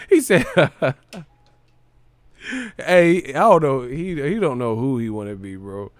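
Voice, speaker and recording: A man's voice: a little high, clean tone, no room sound. A man hosting a casual boxing live stream, mocking and profane, laughing often between his jabs.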